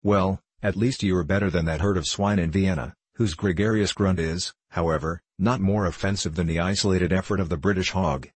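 A man's voice: low-pitched, fairly even intonation, brisk, few pauses, breathy edge, dry recording. Man voicing a pompous, raging old professor. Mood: scornful. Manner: pompous, sarcastic, blustering. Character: irascible older male professor, short and powerful. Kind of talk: audiobook character reading.

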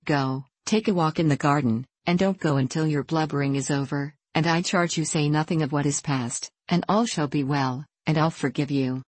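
A woman's voice: sits low, moderate pace, few pauses, breathy edge, no echo. A woman reading the lines of an overbearing male master in an audiobook, in a commanding, scolding manner.

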